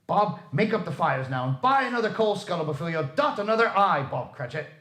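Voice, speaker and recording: A man's voice: high voice, lively intonation, fairly quick, a bit bright, pitched above the performer's own voice. A man playing an old miser, now reformed and overjoyed, with eager, effusive speech. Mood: booming. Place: library room. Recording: echoey room.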